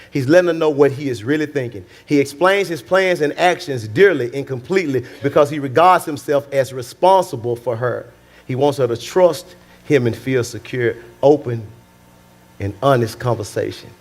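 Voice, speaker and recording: A male pastor preaching a sermon in a conversational style, repeating phrases and calling out to the congregation. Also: medium pitch. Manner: conversational, repetitive, calls out to the congregation.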